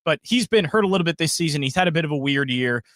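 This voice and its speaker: A man co-hosts a casual sports radio chat. He talks bluntly, and his pitch rises and falls widely before dropping into low mutters. His voice sounds a bit high for a man, in a dry, close recording. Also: animated, fast talker, a bit bright, dry recording. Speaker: radio co-host.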